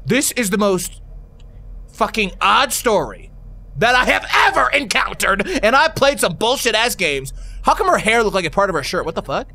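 A young man doing profane, excitable horror game commentary, reading game text aloud and shouting when scared. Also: high-pitched, normal speed, vocal fry. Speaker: gaming YouTuber.

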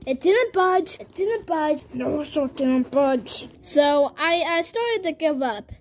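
A woman voicing a small, naive, earnest baby toy in a homemade toy story, telling its tale in a rambling, halting way with many restarts. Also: high-pitched, animated, slight background noise. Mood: plain.

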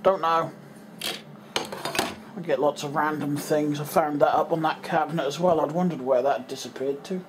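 A man's voice: on the high side, fairly even intonation, normal speed, background noise. Rambling English man muttering to himself. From England. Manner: rambling, muttering to himself, trailing off mid-thought. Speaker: vlogger. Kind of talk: casual running commentary while tidying.

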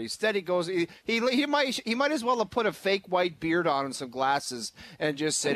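A man's voice: sits high, moderate pace, few pauses, fairly bright tone, no echo. A man co-hosting a sports radio show, chatting casually and mimicking people in exaggerated voices. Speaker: radio co-host. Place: radio studio.

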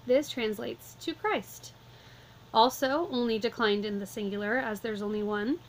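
Woman teacher, slightly high pitch, patient step-by-step delivery, light background hiss. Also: normal speed, rough recording. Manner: calm, methodical, step-by-step explaining. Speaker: Latin teacher. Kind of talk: vocabulary lesson walkthrough.

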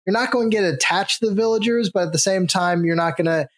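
Podcast co-host, male, slightly high voice, casual and animated, jokes around. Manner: animated, acts out villagers in quick bits. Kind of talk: casual tabletop gaming chat.

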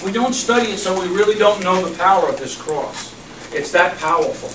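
A man preaching with passion, his voice sitting a little high for a man. He swings from loud emphatic lines to hushed repeated ones. The recording is roomy and distant, with clear background noise. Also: expressive, slow, long pauses. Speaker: pastor. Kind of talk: sermon. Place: church hall. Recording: echoey room recorded from far off with background noise.

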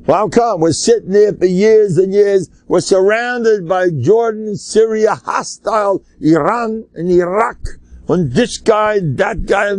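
Older rabbi rambling through a torah talk, kinda high voice, dry sound. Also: male voice, darkish tone, no echo. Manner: emphatic, rambling, sprinkles Yiddish and Hebrew terms. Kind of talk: animated Torah lecture.

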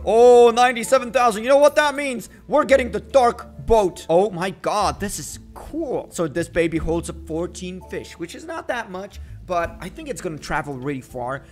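A young man doing excitable let's-play commentary, talking to the fish and to his viewers. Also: high voice. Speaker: gaming video host.

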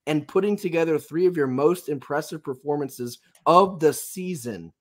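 Brief: sick, raspy man breaking down a game, slightly high voice, excited. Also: moderate pace. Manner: enthusiastic, emphatic repetition. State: raspy, under the weather. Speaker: podcast host. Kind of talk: sports podcast analysis.

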